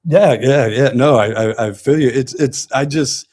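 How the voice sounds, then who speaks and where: A man hosting a radio talk show, chatty and laughing often, with halting restarts. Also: medium pitch, darkish tone, breathy edge. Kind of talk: casual radio conversation.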